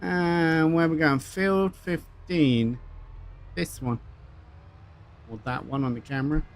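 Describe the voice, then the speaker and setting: A man's voice: a little high, takes it slowly. A man chatting casually to viewers while streaming sim racing. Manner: relaxed, chatty, matey. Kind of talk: casual livestream chat.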